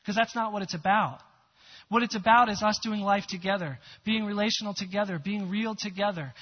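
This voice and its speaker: A man's voice: high-pitched, breathy edge. A male pastor preaching a sermon in a conversational, earnest way with many rhetorical questions. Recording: dull lo-fi recording.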